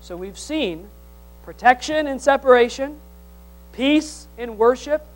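Man, pastor, sermon, loud-to-hushed swings, teasing, call-and-response. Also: very high voice, animated, slow pace, faint music behind, rough recording. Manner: playful, teasing humor.

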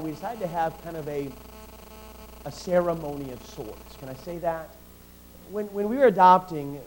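A middle-aged man preaching a sermon, swinging between loud, emphatic declarations and quiet, personal storytelling, often repeating and restarting phrases. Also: a little high, slight background noise, poor audio.

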